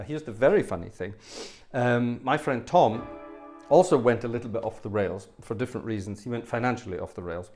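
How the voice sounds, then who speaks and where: A man's voice: medium pitch, darkish tone. A man hosting a livestream, telling rambling personal anecdotes with plenty of fillers and wry, self-deprecating humour. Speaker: livestream host and organist. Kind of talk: casual storytelling.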